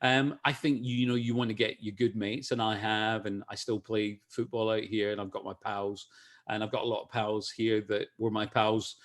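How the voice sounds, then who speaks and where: A man's voice: lowish voice, level tone, normal speed. A middle-aged man from Scotland with a Scottish accent, chatting as an interview guest, with many restarts and easy laughs. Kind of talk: casual video-call interview.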